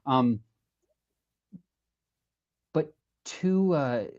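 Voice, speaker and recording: An earnest man talks through his story in a casual interview, animated and full of fillers. His voice sits at a middling pitch. The sound comes over a dull, lo-fi video call line. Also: drawn-out words. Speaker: singer-songwriter guest.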